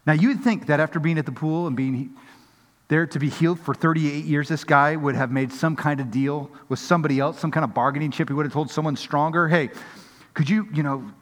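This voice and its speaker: A man's voice: fairly high pitch, fairly quick, long reverb tail. A man preaching a sermon as pastor, acting out the voices of people in the story.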